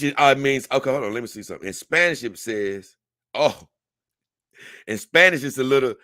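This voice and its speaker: A young man hosting a casual livestream, reading a text aloud and reacting to it in an animated, conversational way. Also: mid-range voice, no room sound, clean studio sound. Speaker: livestream host.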